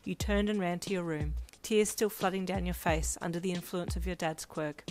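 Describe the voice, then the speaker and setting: Calm woman narrating fanfiction. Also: fairly low pitch, moderate pace. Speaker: fanfiction reader. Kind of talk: scripted narration. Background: faint lo-fi music.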